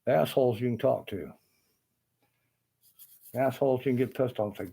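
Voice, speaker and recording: This carpenter's mid-range voice is brisk, creaky and mellow with a breathy edge. Ranting to camera in a casual, profane and bitter way, he rambles, restarting often and drifting into asides.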